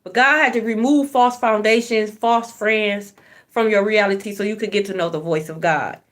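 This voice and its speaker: A woman's voice: mid-range voice, fairly even intonation, normal speed. A woman giving a spiritual card reading, blunt and profane, preaching and repeating phrases for emphasis. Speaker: tarot card reader.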